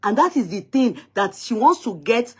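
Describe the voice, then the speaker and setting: Her voice is husky yet on the high side and sing-song, moving at a moderate pace, as this live-stream talk show host tells of a dispute. She sounds indignant and emphatic, circling back to repeat her points.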